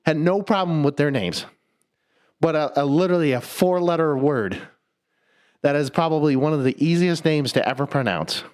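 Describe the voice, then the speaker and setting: Animated, profane young man telling stories. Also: on the high side, moderate pace, clean tone. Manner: animated, profane, laughs mid-sentence, stumbling restarts. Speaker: podcast co-host. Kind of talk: casual storytelling chat.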